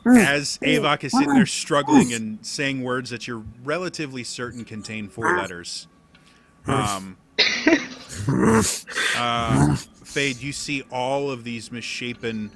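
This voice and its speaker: A man narrating a tabletop game as game master, halting, with many fillers. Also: medium pitch, a crowd in the background. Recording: steady background noise.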